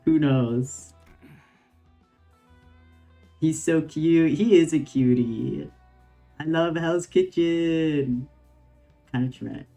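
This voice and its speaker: A man's voice: fairly high pitch, slow, creaky, pauses often, warm tone, soft background music. A man streaming a game, reading its dialogue aloud and adding laid-back, slangy commentary between the lines.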